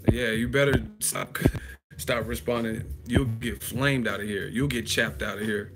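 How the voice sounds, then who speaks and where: A man's voice: lowish voice, fairly even intonation, a little slow, over music. A man hosting a live chat stream, roasting a viewer in a profane, mocking, laughing way. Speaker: livestream host.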